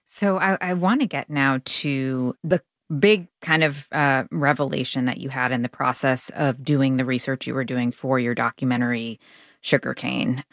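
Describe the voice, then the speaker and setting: An interview host asking curious, probing questions in a relaxed, conversational way. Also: medium pitch, moderate pace, no echo, clean studio sound. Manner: curious, probing, with casual fillers.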